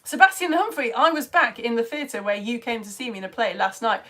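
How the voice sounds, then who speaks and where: A woman's voice: fairly high pitch, brisk, pushed and bright. A woman teaching online, chatting through viewers' comments on a live stream in a bubbly way, with whispered asides and a slightly strained throat.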